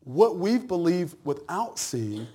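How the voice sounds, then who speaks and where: A man preaching a sermon, emphatic and animated with joking asides. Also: high-pitched, slow pace, husky. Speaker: pastor.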